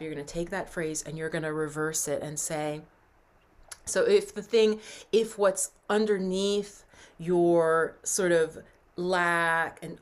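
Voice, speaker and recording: Earnest low-voiced woman coach. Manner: earnest, encouraging, slows and softens for breathing exercises. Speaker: mindset coach. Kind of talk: coaching talk with guided affirmations.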